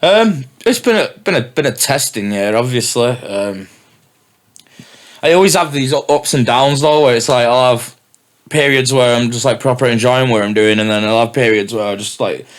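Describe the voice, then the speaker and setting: A man's voice: mid-range voice, moderate pace. A young man, a DJ and MC guest on a podcast, talking candidly and swearing in casual chat. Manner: candid, sweary, laid-back.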